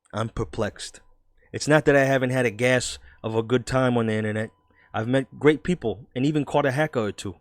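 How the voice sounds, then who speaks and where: A man's voice: mid-range voice, no echo, clean studio sound, lightly acted. A man doing a scoffing New York columnist. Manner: emphatic, dismissive, loud read-aloud. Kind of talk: dramatic reading in a put-on voice.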